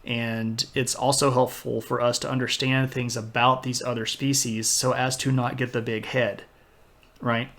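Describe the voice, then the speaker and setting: A man teaching history on a livestream in an easygoing, rambling way. He wanders off into little self-deprecating asides before steering back to the point. His voice sits at an ordinary middle pitch. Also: little pitch movement, moderate pace, a bit bright. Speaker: history streamer lecturing. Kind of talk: casual livestream lecture.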